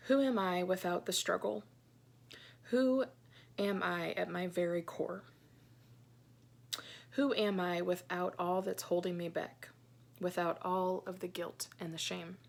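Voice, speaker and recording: Woman, 30s, Christian blogger; slightly low voice, soft and halting, reads her journal earnestly. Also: fairly even intonation, gravelly. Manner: soft, hesitant, many ums; earnest and heartfelt. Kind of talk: personal vlog, reading her own journal aloud.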